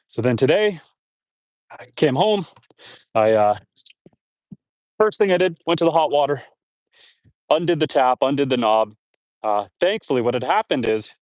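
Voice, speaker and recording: In a mid-range, darkish voice, a homestead livestreamer rambles to his audience and animals as he waters trees outdoors. The recording sounds dry and clean, like a studio.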